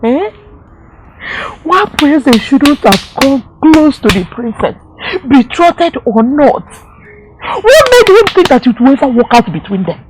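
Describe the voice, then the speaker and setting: A woman's voice: high-pitched, very animated, a little slow, music in the background, poor audio. An actress with a Nigerian accent playing a grieving village mother who scolds and laments. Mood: scolding.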